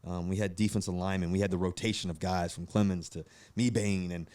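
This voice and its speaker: A man's voice: low voice, fast, a little hiss or hum. A man in his thirties from Virginia, a guest telling stories in a casual podcast chat, acting out the voices of people he quotes. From Virginia, USA. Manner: animated, acts out quoted voices, many fillers and restarts. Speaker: guest, pro football quarterback.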